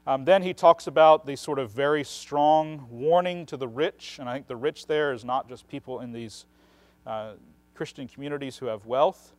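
A man teaching on the Bible in a relaxed, conversational way, explaining at length and often checking in with a questioning "right?". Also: mid-range voice, moderate pace.

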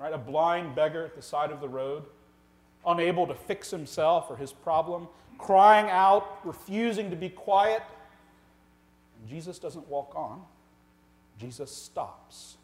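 A man preaching a sermon as the pastor of his church, earnest and full of rhetorical questions, swinging from loud emphasis to quiet, slow lines. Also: fairly high pitch. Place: church sanctuary.

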